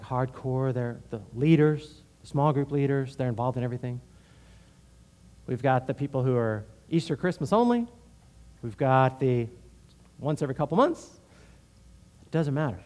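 A man's voice: mid-range voice, dark tone. A man from Houston, a pastor, preaching a conversational sermon full of personal stories and frequent "right?". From Houston, Texas.

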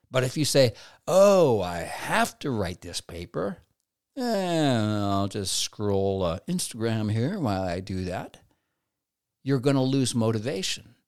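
A man's voice: mid-range voice, vocal fry, no echo, studio quality. A man giving a conversational devotional talk, now and then acting out quoted inner voices. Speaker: preacher.

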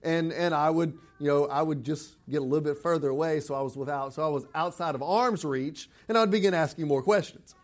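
High-voiced man preaching a sermon. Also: fairly quick, hardly any pauses. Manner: conversational preaching, rising to emphatic scripture quotes. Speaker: pastor.

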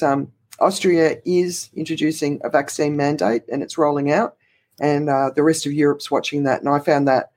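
A man's voice: a little high, vocal fry, darkish tone. A man co-hosting a podcast, giving a casual roundup of news with lots of fillers and restarts. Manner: rambling, many restarts and fillers. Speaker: podcast co-host.

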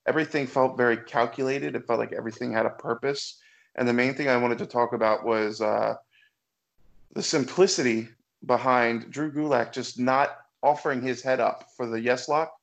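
A man co-hosting a chat show, giving measured, analytical opinions in casual talk. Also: mid-range voice, fairly even intonation, gravelly. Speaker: podcast co-host.

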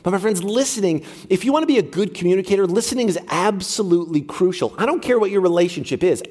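A pastor preaching a sermon, lively and talking straight to his congregation during a church service. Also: sits high. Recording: long reverb of a large hall.

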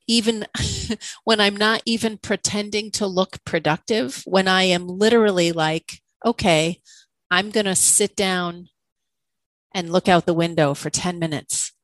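Candid, lower-voiced woman musing aloud. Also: no echo, poor audio. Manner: candid and self-questioning, laughs often. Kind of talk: reflective conversational podcast talk.

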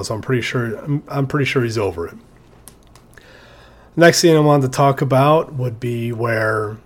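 A man talks through his favorite movie scenes in a loose, chatty monologue. His voice sits at an ordinary middle pitch, and he restarts sentences as he goes, now and then laughing at his own retelling. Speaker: movie fan talking about favorite scenes. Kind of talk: casual monologue recapping film scenes.

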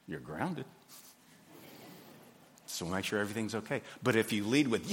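A man, preaching a sermon in a folksy, animated way. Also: fairly low pitch, brisk, pauses often. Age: 50s. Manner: folksy, animated, acts out little scenes. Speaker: pastor. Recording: hall reverb.

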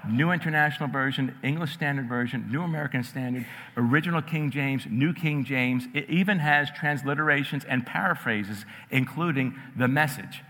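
Animated man storytelling in a reverberant hall. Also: mid-range voice, normal speed, a little hiss or hum. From New York area, raised in New Jersey. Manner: animated, conversational, addresses audience directly. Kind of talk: storytelling in a sermon. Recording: long reverb in a large hall.

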